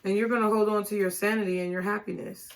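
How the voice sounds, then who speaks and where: A woman's voice: mid-range voice, fairly even intonation, fast, noisy background. A woman giving a tarot reading and speaking straight to her viewers in an encouraging way. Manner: encouraging, direct address to viewers. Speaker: tarot reader.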